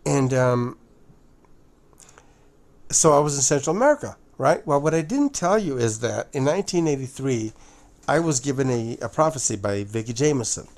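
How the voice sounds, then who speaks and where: A man speaking in a casual monologue to his viewers, halting and often restarting or repeating words, calling his listeners "guys". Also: medium pitch, animated, darkish tone. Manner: addresses listeners directly as guys. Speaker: video presenter.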